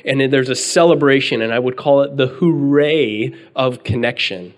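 A man in his thirties preaching earnestly, reading scripture slowly and telling a story about his children. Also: medium pitch. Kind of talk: sermon with personal story.

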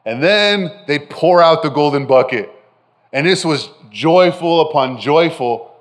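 A man delivering a sermon in a slightly high voice, animated and direct with his listeners. He checks in with them often and swings between loud emphasis and soft, close phrases. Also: measured pace. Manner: addresses listeners directly with frequent "right?". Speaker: pastor.

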